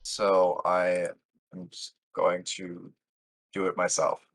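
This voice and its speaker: Deep gravelly player. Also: male voice, completely flat delivery, takes it slowly, no echo. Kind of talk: tabletop role-play chat.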